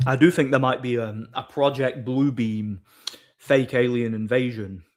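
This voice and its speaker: A man's voice: mid-range voice, fairly even intonation, unhurried. A young man chatting casually on his livestream, telling rambling door-work stories and laughing at them. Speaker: streamer and bar doorman.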